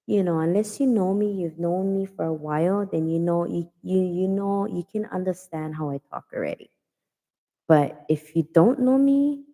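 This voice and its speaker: A woman from Hawaii with a Pidgin-tinged accent talks casually to her livestream viewers, going over her points again and again. Her voice sits low and sounds deeply mellow. A long reverb trails behind her words. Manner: chatty, repeats herself for emphasis. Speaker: livestream host. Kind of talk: casual chat.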